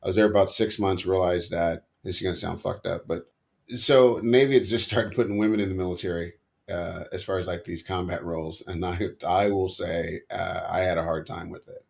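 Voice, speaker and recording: Middle-aged male guest: deep fry-edged voice, quick rambling stories that keep correcting themselves. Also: fairly even intonation, a little mellow. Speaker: podcast guest. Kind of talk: storytelling in an interview.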